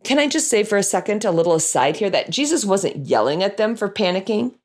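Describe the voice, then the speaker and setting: A woman with a mid-range voice speaks briskly, hardly pausing, as she tells an audience a story about the children's Bible class she teaches. She's animated, acting out lines and sound effects in different voices.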